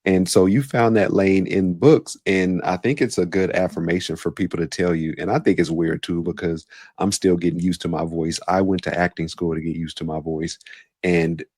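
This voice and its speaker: A man hosting a podcast interview, musing in an unhurried, reflective way. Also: deep voice, steady tone, darkish tone, dry recording, clean studio sound. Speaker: podcast host, coach. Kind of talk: casual interview chat.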